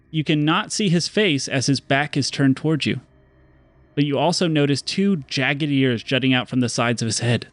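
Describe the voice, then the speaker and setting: A man's voice: mid-range voice, dry recording. A man narrating a tabletop game as game master, descriptive with some hesitant asides.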